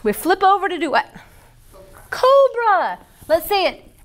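Woman yoga trainer, high lively voice, playful and upbeat cues to a class. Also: fast talker. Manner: upbeat, playful, cue-giving.

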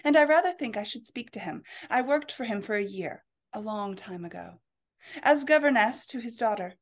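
Lady reading calm young companion, firm and polite, talks measured. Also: on the high side. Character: patient young woman companion, firm and dry.

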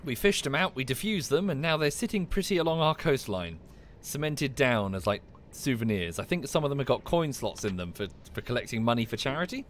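A man's voice: medium pitch, lively intonation, fairly quick, few pauses, slight background noise. A man from the UK chatting casually while streaming a game, with dry muttered asides. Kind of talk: casual gameplay commentary.

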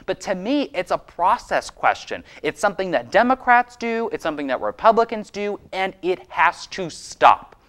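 A man's voice: sits high, very animated, moderate pace, few pauses, fairly bright tone. A young man from Maine hosting his own program, delivering impassioned political commentary with insistent, repeated emphasis. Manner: fired-up, insistent, repetitive emphasis. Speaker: host and state legislator.

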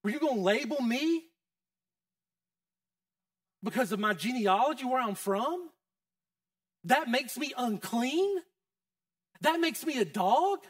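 A man's voice: extremely high pitch, lively intonation, takes it slowly, pauses often, no echo, clean studio sound, far from the mic. A man preaching a sermon as pastor, in a casual, conversational way that keeps quizzing the congregation. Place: church.

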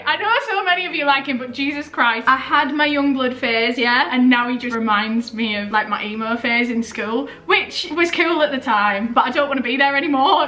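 Brief: twenties woman, Yorkshire accent worn southern, bright chatty vlogger in an echoey room. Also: high voice. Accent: Yorkshire, softened by a southern English accent. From Yorkshire, England. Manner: chatty, self-mocking, talks to camera while doing makeup. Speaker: YouTuber. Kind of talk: casual get-ready-with-me chat.

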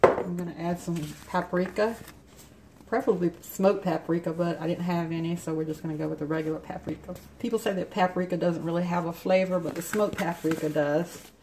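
This home cook's voice is lowish and steady, and she speaks a little fast as she chats through each recipe step in her kitchen. Her mouth is still numb from the dentist. Background clatter from the home kitchen is audible in this casual demonstration.

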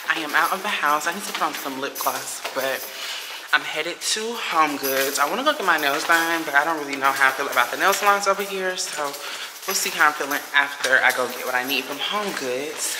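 A young woman vlogging on her phone in casual chat, blunt and full of profanity as she talks through her day. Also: low-pitched. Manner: chatty, blunt and heavily profane. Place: apartment, then out shopping. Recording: echoey with background noise.

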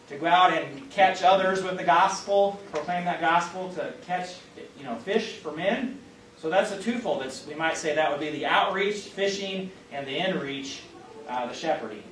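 Speaking in a high, fairly bright voice, a Midwestern pastor conducts an interactive Bible study in a church classroom. His delivery is conversational, packed with fillers and questions to the group. Expect roomy audio from a distant mic and a faint hiss.

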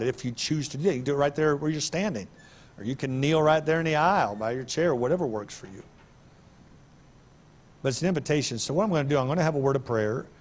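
A middle-aged man preaching in a church sanctuary, his ordinary mid-range voice breaking into sudden loud, high-pitched bursts when he makes a point. His delivery is animated and conversational. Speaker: pastor. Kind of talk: sermon.

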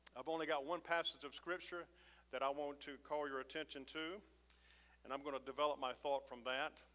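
A man's voice: a little high, steady tone, a little fast, a bit bright. A middle-aged male pastor preaching a sermon, with joking asides and call-and-response rhymes that build in intensity. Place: church sanctuary. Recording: long church reverb.

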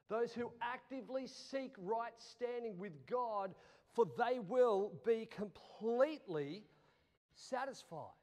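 A man preaching a sermon in an animated style, going from loud to hushed. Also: very high-pitched. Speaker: pastor. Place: church hall. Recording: long church reverb.

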